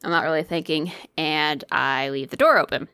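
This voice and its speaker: A woman chatting casually, telling a story with lots of swearing and animated energy. Her voice is bright and forceful, recorded dry and close with no room sound. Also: sits low, moderate pace, clean tone, no room sound. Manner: animated, profane, swears freely.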